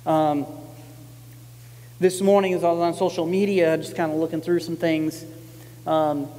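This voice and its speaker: A man's voice: a little high, measured pace. Male pastor, conversational sermon, emphatic repetition, recorded in a church with a long echo. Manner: conversational, animated when quoting, emphatic repetition.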